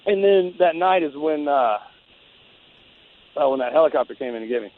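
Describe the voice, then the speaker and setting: A man's voice: fairly high pitch, animated, normal speed. A former Navy SEAL guest telling a war story in a rambling, casual way, full of restarts and "man" and "dude". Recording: phone-like narrow band.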